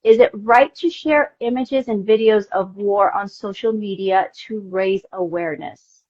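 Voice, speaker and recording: A woman's voice: mid-range voice, unhurried, a little mellow, slightly rough, highs cut off. A woman hosting a live online interview, reading viewers' questions in an emotionally responsive way. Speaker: host.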